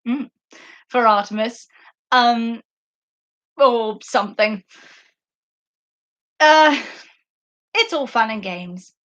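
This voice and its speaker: A woman's voice: a little high, very slow, pauses often, fairly bright tone, muffled recording. A young woman hosting a podcast live stream, chatting casually and enthusiastically in a rambling way, full of fillers, on a basic microphone. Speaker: podcast host. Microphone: basic makeshift microphone.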